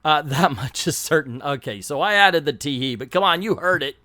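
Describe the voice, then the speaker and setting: Higher-pitched joking man recapping a comic. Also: expressive, fairly quick, sharp tone, dry recording, studio quality. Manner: joking, slangy, acts out quotes. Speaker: comic book video host. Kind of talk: casual comic recap narration.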